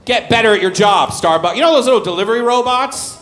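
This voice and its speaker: A man in his thirties doing stand-up on a club stage into a handheld mic, with a high voice that swings up and down a lot as he tells deadpan, crude stories. The room sounds roomy and open, with a faint murmur in the background. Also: fast, slight background noise. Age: 30s. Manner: deadpan storytelling with crude asides. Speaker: stand-up comedian. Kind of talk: stand-up comedy set. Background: audience laughter.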